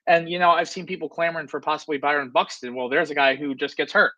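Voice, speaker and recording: A man hosting a casual sports chat, talking fast and animated about his team. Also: on the high side, dry recording. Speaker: podcast host. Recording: dull, lo-fi, dry sound.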